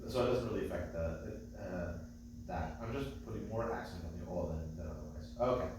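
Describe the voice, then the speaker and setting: A male cantor teaching a class, explaining details patiently and chanting short phrases slowly. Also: low voice, noisy background. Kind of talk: class teaching with sung examples. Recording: echoey distant room mic.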